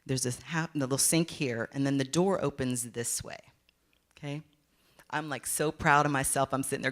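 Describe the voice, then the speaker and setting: A woman's voice: a bass voice, steady tone, moderate pace. A woman giving a candid, playful motivational talk, telling a story and acting out her own inner voice. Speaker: motivational speaker.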